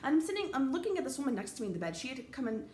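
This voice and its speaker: A woman's voice: high-pitched, sing-song, racing, darkish tone, echoey room, slight background noise. A woman, a teacher, telling a personal story in a casual, rambling way, full of fillers and restarts.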